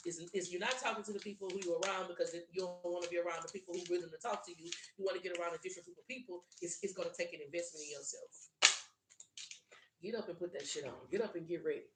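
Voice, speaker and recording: A woman's voice: fairly low pitch, fairly even intonation, rapid-fire, roomy sound, very noisy. A woman with a South Louisiana Southern drawl giving a blunt, profane, preachy tarot reading. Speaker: tarot reader. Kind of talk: solo tarot reading monologue.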